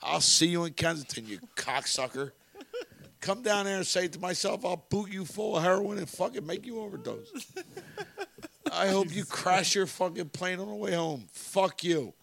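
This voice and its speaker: A man, co-hosting a sports podcast, loudly taunting rival players with profane insults and frequent laughter. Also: high-pitched, normal speed, creaky. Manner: loud, taunting, laughs often. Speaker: podcast co-host. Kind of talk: rowdy profane sports banter.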